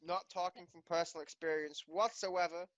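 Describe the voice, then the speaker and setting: A higher-voiced man acting as game master, chatting casually between scenes. He teases his players and swears easily. His voice sounds close and dry, with no room around it. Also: steady tone, normal speed, no echo, highs cut off. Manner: joking and teasing, swears often, laughs a lot. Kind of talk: out-of-game table chat.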